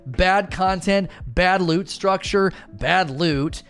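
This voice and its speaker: A man's voice: high-pitched, slow, fairly bright tone, clear, resonant tone, soft background music. A man ranting in a casual, rambling way as a gaming streamer, frustrated and fond of sports analogies. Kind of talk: casual gaming commentary rant.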